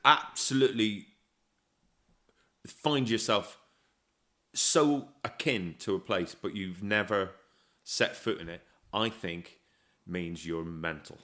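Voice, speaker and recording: A man's voice: sits low, slow pace, pauses often, bright, forceful tone. A middle-aged man with a Northern Irish accent, a guest comedian telling sweary, wry stories in casual podcast chat. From Northern Ireland. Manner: sweary, wry, storytelling with trailing mutters.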